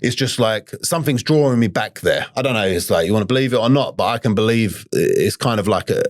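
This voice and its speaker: A man's voice: fairly low pitch, lively intonation, fairly quick, dry recording, clean studio sound. A man talking earnestly in a casual podcast chat, swearing freely and often checking that he is understood. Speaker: guest in recovery.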